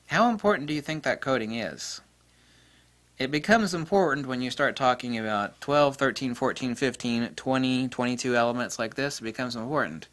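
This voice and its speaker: A man delivering a blunt, sarcastic rant about camera gear, mocking the claims of others with put-on voices and loose swearing. His voice is bright and forceful, sitting at a middle pitch. He drifts into jokes and laughs at them himself. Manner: digresses into jokes and laughs at his own humor. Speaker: photography video host. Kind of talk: ranting casual monologue.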